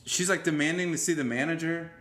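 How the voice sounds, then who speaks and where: A man's voice: a little high, quick pace. Man telling a rambling story, roomy echo. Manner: rambling, animated retelling with swearing and restarts. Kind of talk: casual storytelling chat.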